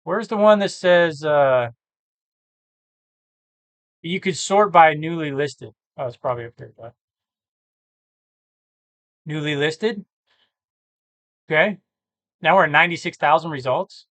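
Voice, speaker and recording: A tired man who talks casually and thinks out loud, rambling and correcting himself as he works through reseller listings. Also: on the high side, measured pace, long pauses, dry recording. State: tired, yawning. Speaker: eBay reseller vlogger. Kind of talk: casual screen-share commentary.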